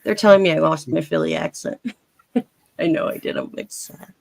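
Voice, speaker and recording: A woman's voice: deep voice, moderate pace, creaky, no room sound, low-quality recording. A woman with a faint Philadelphia accent, chatting as a panelist in a rambling, chatty way with many restarts. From Philadelphia area. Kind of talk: casual chat.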